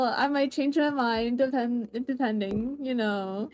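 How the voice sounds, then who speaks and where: A woman playing in a casual tabletop game, playful and laughing, asking animated questions. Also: on the high side, unhurried, hardly any pauses, no echo, soft background music. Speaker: player. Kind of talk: casual tabletop role-play.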